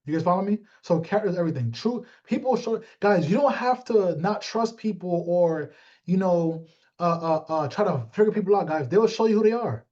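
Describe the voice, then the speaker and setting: A man giving a motivational talk to his team, animated and streetwise, calling out listeners by name. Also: high voice, fairly quick, dull audio. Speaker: team leader.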